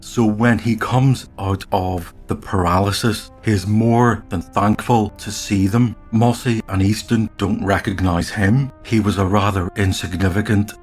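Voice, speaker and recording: A man with a slight cold in his throat, narrating a solo tabletop campaign as game master and reading every character's lines in one steady storytelling voice. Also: lowish voice.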